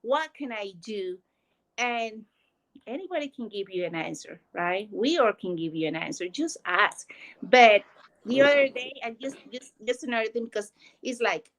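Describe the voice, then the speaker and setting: A woman's voice: a little high, expressive, moderate pace, a bit bright, rough recording. A woman, telling a heartfelt personal story about work and family. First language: Spanish. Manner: earnest, emotional storytelling. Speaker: guest. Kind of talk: personal testimony.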